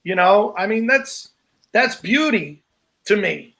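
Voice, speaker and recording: A man's voice: sits high, expressive, slow pace, vocal fry, sharp tone. A man, a comedian co-hosting a podcast, talking in an earnest, casual way. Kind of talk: casual chat.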